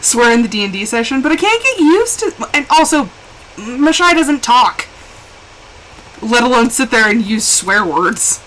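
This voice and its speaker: A woman's voice: on the high side, measured pace, a little hiss or hum, rough recording. A young woman chatting casually and animatedly while live-streaming a game. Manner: chatty and animated, with laughs and exclamations.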